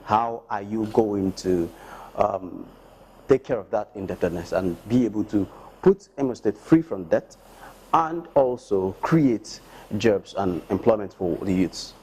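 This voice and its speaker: A man's voice: fairly low pitch, lively intonation, a little slow, mellow, slight background noise, poor audio. A man interviewing a political candidate, asking long, winding questions. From Nigeria.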